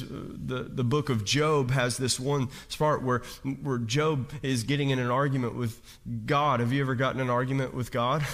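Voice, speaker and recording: A man's voice: medium pitch, fairly bright tone. A man giving a conversational, jokey sermon as a pastor, asking the congregation questions and often restarting his phrases. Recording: reverberant hall.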